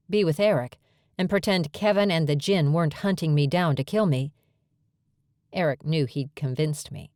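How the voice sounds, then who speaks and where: In a clear, steady manner, a low-voiced woman narrates a first-person romance audiobook. The sound is dry and close, with no room audible.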